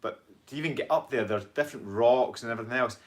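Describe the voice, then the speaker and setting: A Scottish man co-hosting a casual chat, telling animated stories, acting out quotes and reading out viewer comments. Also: medium pitch, fast talker. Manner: animated storytelling, acts out quotes, crude jokes.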